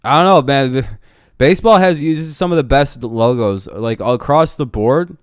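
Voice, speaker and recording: A man's voice: mid-range voice, normal speed, clean tone, no room sound, studio quality. A man hosting a live stream, chatting casually and arguing with lots of swearing while he watches a game. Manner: profane, argumentative, rambling. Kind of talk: casual chat during a game watch-along.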